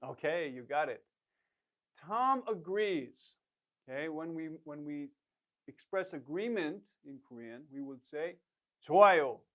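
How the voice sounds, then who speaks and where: A man's voice: a little high, lively intonation, measured pace, a bit bright. A man with a slightly raised voice leads a beginner language lesson. He talks in patient, encouraging teaching drills, prompting the listener to say each phrase again and praising each try. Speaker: Korean language instructor.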